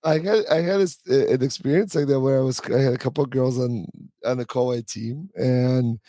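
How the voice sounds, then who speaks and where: A man's voice: medium pitch, fairly quick, no room sound. Guy coach hosting a podcast, rambly easygoing storytelling, dry close sound. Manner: relaxed storytelling with many fillers and restarts. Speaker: hockey coach and podcast host. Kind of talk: casual conversational interview.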